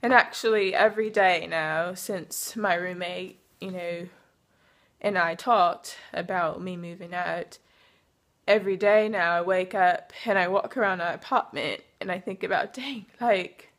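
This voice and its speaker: A woman's voice: fairly low pitch, a little slow, fairly bright tone. A young woman speaking in a put-on British accent, talking casually to her vlog camera in a rambling way with many fillers. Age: young adult. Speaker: vlogger. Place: in her car.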